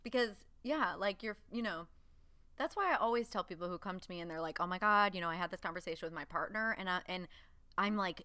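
A woman's voice: lowish voice, fast, pushed and bright, no echo. A young woman co-hosting a podcast, chatting candidly and swearing freely, often laughing. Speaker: podcast co-host. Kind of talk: casual chat.

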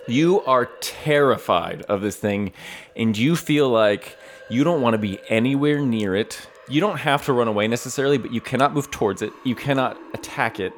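A man's voice: medium pitch, expressive, moderate pace, a little hiss or hum. A man running a tabletop game as game master, narrating loosely with fillers and laughs.

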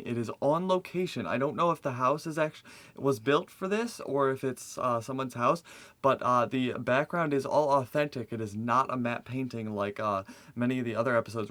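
An agreeable man co-hosts a podcast in relaxed conversation, quick to chuckle. His mid-pitched voice is recorded dry and close, with no room sound. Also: dry recording. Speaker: podcast co-host. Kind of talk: casual chat.

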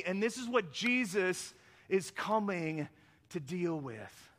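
Male pastor, high bright voice, chatty animated sermon delivery, long hall reverb. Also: slow. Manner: conversational, animated storytelling with frequent "right?" asides. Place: church sanctuary.

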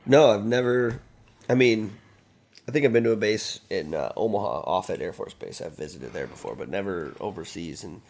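Gravelly man with lively pitch. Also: moderate pace. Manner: laughs through his stories, excitable. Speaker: podcast guest. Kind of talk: casual chat.

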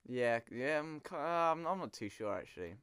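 A young English man with an English accent chats in a hesitant, self-deprecating way. His voice is smooth and fairly low, and it sounds dry and close. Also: animated, moderate pace, fairly bright tone, no echo. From England. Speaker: guest musician. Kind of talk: casual chat.

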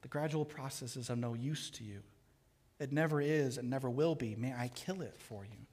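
A male pastor voicing a calm, stern male angel who speaks firmly. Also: mid-range voice, breathy edge, in a large hall, natural voice. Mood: insistent. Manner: firm, measured, insistent.

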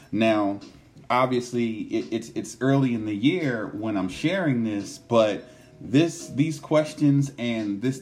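A man's voice: medium pitch, darkish tone. A man giving an earnest motivational self-help talk, often repeating words and tagging his points with "right?". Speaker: motivational speaker.

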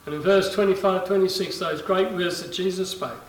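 A male pastor delivers a sermon in a high, bright voice, lifting it sharply when he acts out quoted lines. His voice carries through a roomy space and sounds set back from the microphone. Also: brisk, few pauses. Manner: preaching with dramatic quoted lines, rising loud for emphasis. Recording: roomy echo, voice from a distance.

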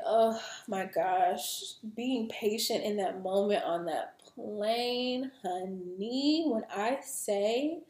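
Animated, slangy woman in an echoey room. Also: mid-range voice. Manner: animated, slangy, swears, laughs often. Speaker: podcast host and spiritual coach. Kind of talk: casual storytelling podcast. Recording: roomy echo.

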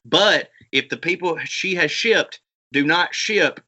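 A man's voice: fairly high pitch, takes it slowly, bright, forceful tone. A man hosting a podcast, chatting casually and telling rambling, profane stories. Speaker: podcast host. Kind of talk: casual chat. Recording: dull lo-fi sound.

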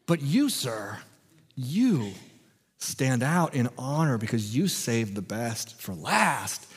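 A man's voice: medium pitch, sing-song, slow pace, husky, big-room sound, heavily acted. A man voicing a delighted male head waiter at a feast, exuberant and mocking the other hosts. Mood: gushing praise.

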